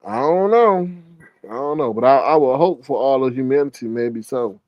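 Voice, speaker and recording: A man hosting a casual gossip commentary, retelling a story with animated exclamations. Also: medium pitch, moderate pace, no echo, muffled recording. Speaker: commentary show host.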